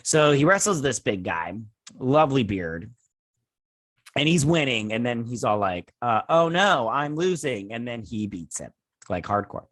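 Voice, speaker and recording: A man talks through a TV episode at home in a loose, rambling way, stringing events together with filler phrases and throwing in sarcastic, swearing asides. His voice sits at an ordinary pitch and is recorded dry and close, with no room sound. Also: lively intonation, a little slow, no room sound. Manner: rambling, says "and everything" and "he's like" a lot. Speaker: host reviewing a TV episode. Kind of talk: casual recap and review. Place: home with children playing nearby.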